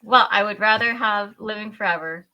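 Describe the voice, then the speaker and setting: A young woman, a podcast guest, telling a story in animated casual chat, laughing often and acting out her own reactions with loud squeals. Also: medium pitch, moderate pace, muffled recording.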